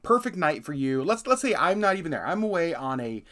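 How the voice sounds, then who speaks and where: A man's voice: on the high side, big pitch swings, brisk, a bit bright. A man in his thirties co-hosting a casual podcast with his wife, joking about himself and laughing often. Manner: playful, self-mocking, laughs often. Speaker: podcast co-host. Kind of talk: casual chat.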